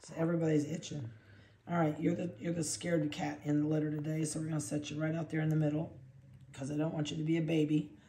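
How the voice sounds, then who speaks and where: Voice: medium pitch, monotone, fast talker, mellow, slight background noise. A dog breeder chatting casually while handling puppies and cooing at them in baby talk. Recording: roomy echo.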